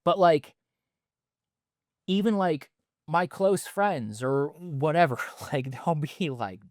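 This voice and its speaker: A man's voice: fairly high pitch, unhurried, no room sound, clean studio sound. A man in his thirties with a stutter, hosting a casual podcast monologue in a rambling, loose way full of fillers. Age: 30s. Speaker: podcast host.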